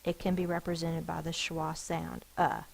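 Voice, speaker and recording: Female elementary teacher, deliberate phonics delivery, slightly gravelly voice. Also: sits low, monotone, rough recording. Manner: slow, deliberate, sounds out each letter and syllable. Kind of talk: phonics lesson, sounding out words.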